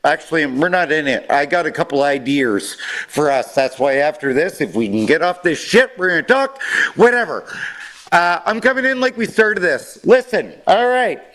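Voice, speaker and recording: A man with a notably high voice rants on a sports talk show, swearing at every turn. He rambles from gripe to gripe in a fired-up, unfiltered way, as a caller who won't be stopped. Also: lively intonation, normal speed, a bit bright. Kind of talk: profane ranting sports talk.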